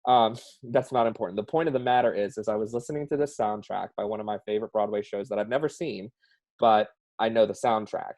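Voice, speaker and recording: A man's voice: on the low side, fairly even intonation, fast talker, darkish tone. A man with a Southern US accent, a guest speaking earnestly and expressively about personal experience, heard over a video call. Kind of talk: emotional personal interview.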